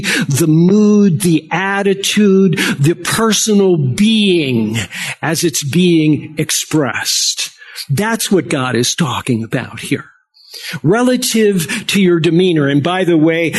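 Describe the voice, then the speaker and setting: An older man preaching a sermon to his congregation, deliberate and conversational, with frequent asides and check-ins. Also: fairly high pitch, slightly rough. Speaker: pastor.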